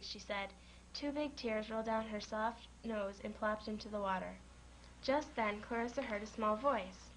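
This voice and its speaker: A woman reading a children's storybook aloud in a gentle manner, lightly voicing the characters. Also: on the high side, normal speed, a little hiss or hum, poor audio.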